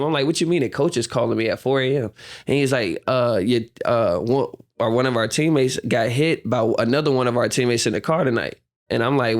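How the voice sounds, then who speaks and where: Laid-back man telling stories. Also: mid-range voice. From United States. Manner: animated storyteller, acts out quotes, laughs often. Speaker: guest, professional basketball player. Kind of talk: casual storytelling interview.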